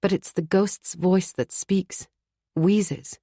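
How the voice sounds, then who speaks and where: A woman's voice: fairly low pitch, fairly even intonation, slow pace, dark tone, dry recording, studio quality. A woman narrating a fantasy audiobook in the first person, tense and urgent. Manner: tense, urgent inner monologue.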